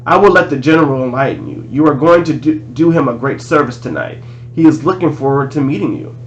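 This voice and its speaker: A man reading aloud, voicing a monster posing as a male teacher, slow and sinister. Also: on the high side, dull audio, slight background noise, natural voice. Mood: menacing.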